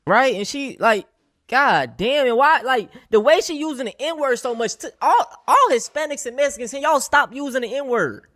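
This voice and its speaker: Animated exasperated man, lively pitch. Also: moderate pace, hardly any pauses, no echo, studio quality. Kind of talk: casual reaction commentary.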